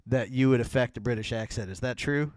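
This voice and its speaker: A man's voice: mid-range voice, a little fast, a little mellow, no room sound. A man hosting a casual music podcast who rambles, restarting sentences and filling them with "like". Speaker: podcast host.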